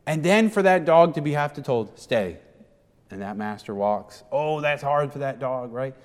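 Male pastor, mid-pitched, animated verse-by-verse preaching, long reverb from a large sanctuary. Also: normal speed. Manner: animated, acts out the speakers in the passage. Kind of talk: sermon.

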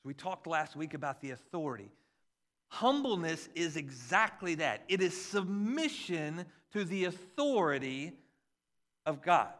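Unhurried and fairly high in pitch, a pastor in his forties preaches an animated, conversational sermon that includes jokes about his kids.

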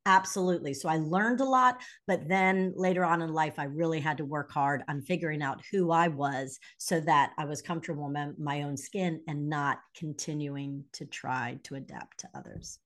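A woman's voice: low-pitched, normal speed, hardly any pauses. A middle-aged woman, a leadership coach and podcast guest, telling personal stories candidly and acting out the voices in them. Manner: animated, acts out quoted dialogue. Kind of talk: candid conversational storytelling.

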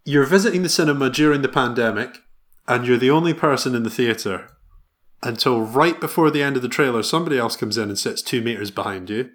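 A man's voice: medium pitch, fairly quick, a bit bright. A man co-hosting a podcast, chatting casually and playfully quizzing his co-host with frequent laughs. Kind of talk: casual chat.

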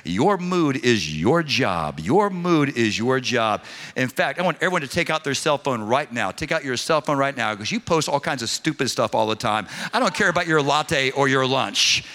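A male pastor preaching a sermon, leading the congregation in call-and-response, then quiet and earnest in prayer. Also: mid-range voice, animated, fairly quick, few pauses. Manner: drops to a quiet, intimate prayer tone.

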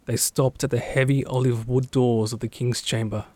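A man giving scripted, steady and dramatic narration of a story. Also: mid-range voice, normal speed.

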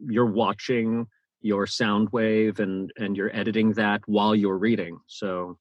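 A man's voice: fairly low pitch, unhurried, slightly rough, no echo, lo-fi sound. A man who narrates audiobooks, talking animatedly in an interview and often restarting his sentences. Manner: animated, many restarts and repeated words. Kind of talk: interview conversation.

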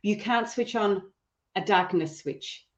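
Fast-talking woman host. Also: mid-range voice, reverberant, muffled recording. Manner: talks fast, laughs easily. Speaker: podcast host. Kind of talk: casual interview chat.

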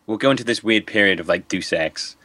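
A man in a casual chat, playful and quick to joke and laugh. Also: fairly low pitch, sharp tone. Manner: playful, laughing, jokey asides.

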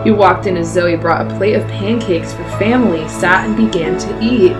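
Giggly woman reading aloud, lowish voice. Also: moderate pace, over music. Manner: giggly, laughs often while reading. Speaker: podcast co-host reading a story aloud. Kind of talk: casual chat with dramatic reading.

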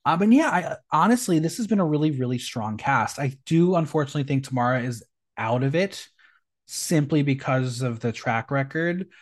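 A podcast host chatting casually, animated and gushing. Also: medium pitch, moderate pace. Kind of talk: casual chat.

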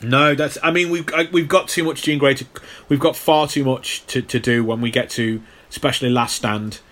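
A man on a casual film podcast, speaking in a steady, middle-pitched voice. He lays out background at length, and he stammers and repeats himself as he restarts sentences. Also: normal speed. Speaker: podcast co-host.

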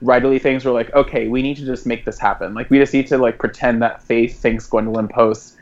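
A man's voice: mid-range voice, steady tone, brisk, dull audio. A man co-hosting a podcast in casual chat, talking in loose runs full of "like" and laughing often. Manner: chatty, many "like" fillers, laughs often. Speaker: podcast co-host.

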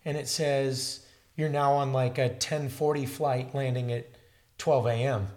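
A man's voice: mid-range voice, unhurried. A man casually telling a long travel story, acting out the people he talked to. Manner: animated storytelling, acts out dialogue. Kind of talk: casual chat.

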